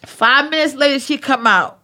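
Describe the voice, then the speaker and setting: A woman telling a comedic story in a profane, emphatic way, acting out her own yelling. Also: sits high, normal speed. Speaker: storyteller on a talk show.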